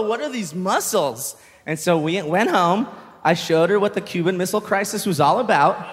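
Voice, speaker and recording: A young man doing a stand-up comedy set, telling a story with animated delivery and shouted punchlines. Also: sits high, big-room sound, slight background noise. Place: comedy stage with live audience.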